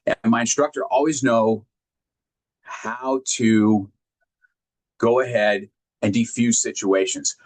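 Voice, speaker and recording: A man giving a heartfelt motivational talk, sharing personal stories earnestly and emphatically, often halting and repeating words when moved. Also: medium pitch, steady tone. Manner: emphatic, directly addresses listeners. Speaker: motivational speaker.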